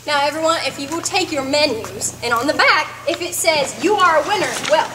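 A woman playing a folksy country comedienne, telling corny jokes on stage in a drawn-out, chatty way. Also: high-pitched, expressive. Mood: cheerful. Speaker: comedy performer at a church variety show. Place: church fellowship hall on stage. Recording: echoey hall with audience noise. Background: audience chatter and room noise.

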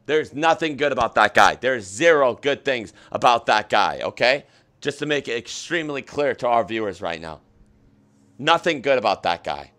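A man hosting a comedic livestream, talking in an excitable, repetitive, mock-earnest way. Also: medium pitch. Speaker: host. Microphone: webcam setup.

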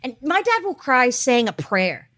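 A woman co-hosting a podcast, telling stories in a chatty, animated way with lots of fillers and quoted asides. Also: sits high, measured pace. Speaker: podcast co-host. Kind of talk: casual chat.

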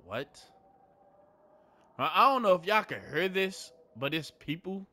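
A man's voice: high-pitched, sing-song, a little slow, pushed and bright. A young man giving laid-back, chatty gameplay commentary, swearing often and talking to his viewers. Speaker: gaming streamer.

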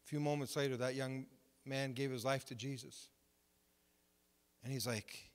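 A man preaching a sermon, telling testimony stories in an animated way and acting out the conversations. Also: mid-range voice, normal speed, pauses often, in a large hall. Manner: animated, retells conversations with rising excitement. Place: church.

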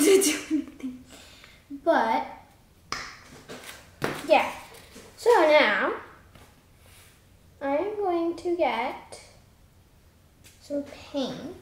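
A woman's voice: high voice, roomy sound, slight background noise. A woman giving a casual, chatty drawing lesson, rambling into playful asides as she draws. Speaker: drawing teacher.

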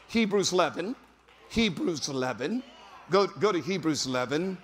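A male pastor preaching a sermon, repeating phrases and breaking into sudden shouts for emphasis. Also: fairly high pitch, expressive, moderate pace, a faint crowd. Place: large church sanctuary. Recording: long hall reverb.

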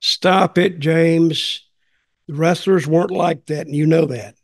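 A man's voice: a little high, steady tone, slow. An older man hosting a podcast, telling folksy, rambling stories in casual chat. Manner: rambling, folksy, repeats himself. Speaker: podcast host.

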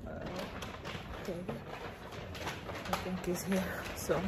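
A woman's voice: fairly low pitch, steady tone, takes it slowly. A young woman vlogging to camera from a car, emotional and laughing through tears as she talks in a casual way. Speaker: family vlogger. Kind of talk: casual vlog talk to camera. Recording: noisy car recording.

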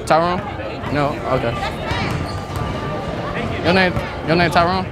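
A man's voice: a little high, slow. A nervous man in a crowded basketball gym, repeating himself and swearing as he calls out to the stands on a clip-on mic. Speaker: prank video creator. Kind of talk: nervous prank vlog in a crowd. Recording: loud crowd and music at a basketball game.

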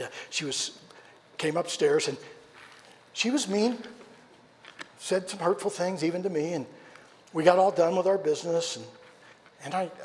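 A man delivers a sermon in a church, his voice sitting a little high for a man. He tells a personal story with animated shifts from loud to hushed. A long reverb from the hall trails each phrase. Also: slight background noise. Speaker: preacher. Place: church sanctuary.

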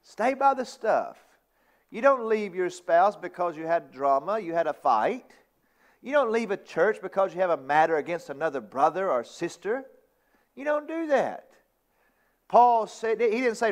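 A man's voice: sits high, big pitch swings, moderate pace. A man preaching a sermon as pastor, reading scripture aloud and driving points home with emphatic repetition and sudden raised outbursts. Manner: reads scripture in King James wording. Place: church sanctuary.

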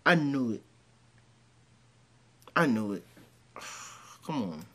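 A man hosting a reaction commentary, loud, mocking and profane. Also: mid-range voice, very animated, slow pace. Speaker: commentary channel host.

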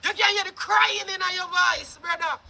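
A speaker with a Jamaican accent giving a loud, mocking commentary rant, laughing and shouting often. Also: very high voice, normal speed, creaky, a faint crowd, slight background noise. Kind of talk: ranting commentary.

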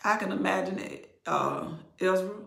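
An older woman giving animated Bible teaching in an expressive, conversational preaching manner, sometimes dropping to near whispers. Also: medium pitch, normal speed, creaky. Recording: roomy echo.

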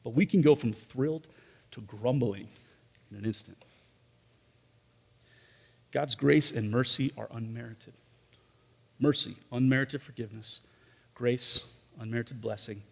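A man's voice: medium pitch, a little slow, vocal fry, pauses often, slightly rough. A man preaching a sermon as pastor, talking conversationally with rhetorical questions and frequent asides to the congregation. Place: church service in a large room. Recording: long reverb of a large hall.

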